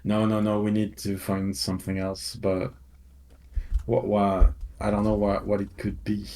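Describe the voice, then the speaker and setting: A man's voice: on the low side, completely flat delivery, a little slow, mellow, roomy sound, poor audio. A man playing a tabletop game, thoughtful and planning aloud. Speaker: player.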